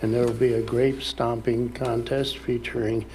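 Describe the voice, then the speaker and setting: A man's voice: mid-range voice, level tone, moderate pace, darkish tone, a little hiss or hum. A man speaking at a city council meeting in a folksy, rambling way, full of fillers and restarts.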